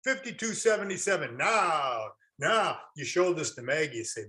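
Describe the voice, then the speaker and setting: A man's voice: fairly high pitch, big pitch swings, fairly quick, fairly bright tone. A man lecturing a classroom, quizzing his audience and answering his own questions with folksy jokes. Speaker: real estate instructor.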